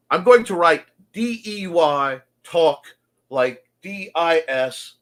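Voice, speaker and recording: A man's voice: a little high, expressive, takes it slowly, fairly bright tone. A man hosting a creative morning show, talking earnestly and confessionally in a folksy way. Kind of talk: reflective monologue.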